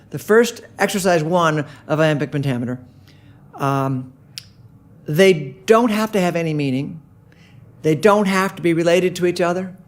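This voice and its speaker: Relaxed man teaching songwriting. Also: a little high. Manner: chants rhythms in nonsense syllables; hesitant, many fillers and restarts. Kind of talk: casual video lesson.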